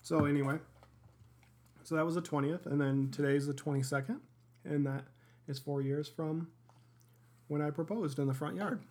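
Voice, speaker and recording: A man's voice: on the high side, fairly even intonation, normal speed, pauses often, a little mellow. Co-host, man, laid-back home chat, dry little jokes. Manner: easygoing, wry joking. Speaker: podcast co-host. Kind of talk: casual chat.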